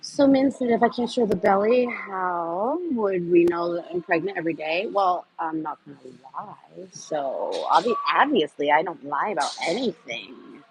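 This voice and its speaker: On a noisy background, an animated woman with a lowish voice hosts a casual livestream at normal speed, barely pausing. She rambles topic to topic with many fillers, answers viewer comments, and has a scattered way of trailing off.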